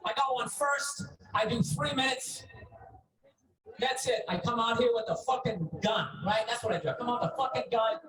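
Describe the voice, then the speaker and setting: A stand-up comedian yelling insults at the crowd during an outdoor rant. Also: male voice, extremely high pitch, normal speed. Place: outdoor stage before a seated crowd. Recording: echoey, distant live recording with loud noise.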